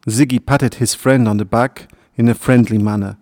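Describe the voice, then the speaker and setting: A man narrating a children's storybook in a gentle, expressive reading voice. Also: medium pitch, normal speed, hardly any pauses, no echo, studio quality.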